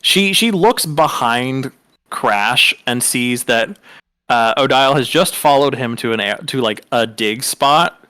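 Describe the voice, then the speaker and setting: Male game master, mid-pitched, hesitant, dry home mic. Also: animated, unhurried, sharp tone, clean tone, no room sound. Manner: hesitant, many fillers. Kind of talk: narrating a tabletop game.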